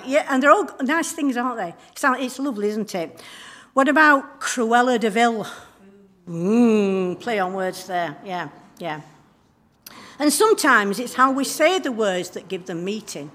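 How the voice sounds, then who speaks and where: A woman's voice: a little high, fairly bright tone. Chatty woman giving church notices. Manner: chatty, friendly, frequent ums and throat clearing. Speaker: church leader giving notices and a children's talk. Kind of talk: church notices and informal sermon. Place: church service.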